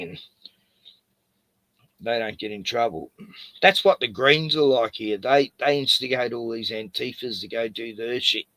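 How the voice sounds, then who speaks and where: Bright-voiced Australian man, rambling chat. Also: medium pitch, no echo. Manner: rambling, laughs often. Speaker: streamer host. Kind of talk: casual chat.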